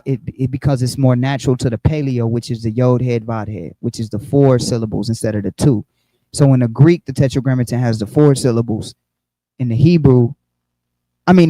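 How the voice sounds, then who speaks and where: A man's voice: mid-range voice, warm tone, dry recording, rough recording. A man teaching an online Bible study, explaining with frequent restarts and repeated words.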